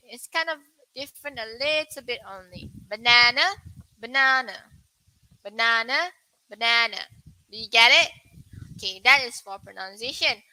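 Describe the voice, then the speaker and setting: Young female English teacher, Malaysian English accent, very bright and fairly high voice, models words slowly for the learners. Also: low-quality recording. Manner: asks the viewers questions. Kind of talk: online English lesson.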